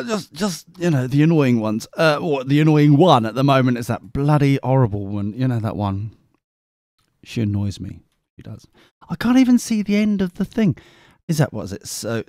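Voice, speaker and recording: A tired man hosts a live podcast, rambling in a scatterbrained, self-mocking way. His voice is slightly high and a little mellow, recorded at studio quality with no echo.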